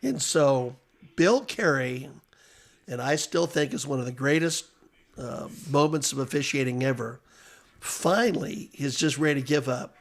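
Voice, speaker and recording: A man on a podcast as guest, telling casual anecdotes with animated delivery and frequent chuckles. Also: mid-range voice, a little slow. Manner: animated storyteller, chuckles often.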